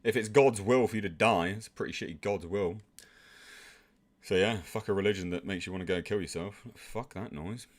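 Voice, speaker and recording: A man's voice: lowish voice, brisk. A man, hosting and reading a comic aloud with sarcastic, profane commentary. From England. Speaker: host.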